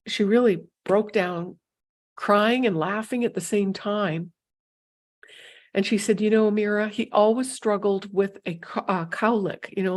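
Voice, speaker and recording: A middle-aged woman talks straight to camera, telling stories from her sessions with clients. Her voice sits at a middle pitch, and her delivery is animated and emotional, with frequent stops and restarts. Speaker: psychic medium sharing client stories. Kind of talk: casual storytelling to camera.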